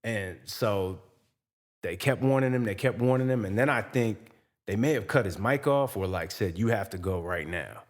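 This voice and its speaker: A man's voice: lowish voice, normal speed. A man co-hosting a podcast, telling loose, rambling stories in a casual chat. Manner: rambling storyteller with restarts and laughs. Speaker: podcast co-host and hip-hop artist.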